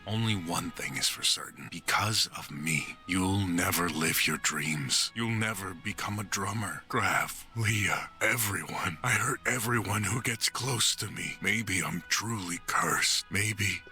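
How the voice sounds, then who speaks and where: A man plays a worn-down stepfather detective from a game, speaking in a slow, gravelly drawl. His low voice has a bright, hard edge and sounds brooding and heavy. Faint game music plays underneath. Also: full character voice. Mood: despairing. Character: gruff weary middle-aged male detective, a guilt-ridden stepfather. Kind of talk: video game voice acting.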